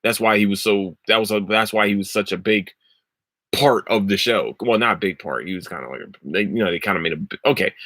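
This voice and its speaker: A young podcast host with a fairly low voice rambles casually about shows, swearing freely and breaking into loud laughter. The recording has no room sound.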